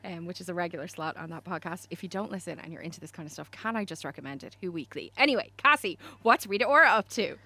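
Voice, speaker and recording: A woman's voice: on the low side, animated, fast talker, few pauses, bright, forceful tone, slight background noise. An Irish woman hosting a radio show, chatting about pop culture in a chatty way, laughing easily. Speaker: radio host. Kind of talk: casual pop-culture chat. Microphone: studio microphone.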